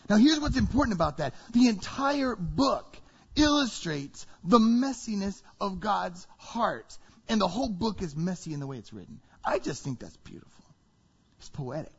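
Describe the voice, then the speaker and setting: High-voiced preacher in a reverberant hall. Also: male voice, husky. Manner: animated, rhetorical questions to the congregation. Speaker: pastor. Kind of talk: sermon. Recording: reverberant hall, dull sound.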